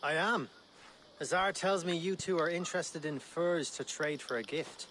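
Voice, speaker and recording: Guy doing a friendly irish fur trapper in a game, helpful, kinda high voice. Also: normal speed, a bit bright, a little hiss or hum, natural voice.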